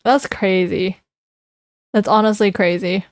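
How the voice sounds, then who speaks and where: A woman's voice: mid-range voice, steady tone, a little slow, no room sound, clean studio sound. A young woman streamer chatting casually with her live chat, giggling and reading comments aloud before reacting to them.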